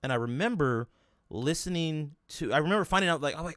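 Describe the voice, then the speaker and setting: A man's voice: a little high, lively intonation, quick pace, fairly bright tone, no echo, studio quality. A young man hosting an interview, talking in a rambling casual way with many restarts and fillers. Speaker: podcast host interviewing a guest.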